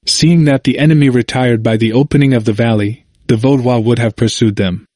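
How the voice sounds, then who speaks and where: A man narrating a history audiobook in a measured, formal manner. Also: medium pitch, fairly even intonation, a little mellow, no room sound, clean studio sound.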